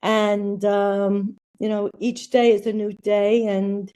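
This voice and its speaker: Speaking slowly with little pitch movement, this woman has a mellow, mid-range voice. She's a nurse from the United States appearing on a podcast, where she rambles bluntly, drops fillers, and shares frank conversational stories.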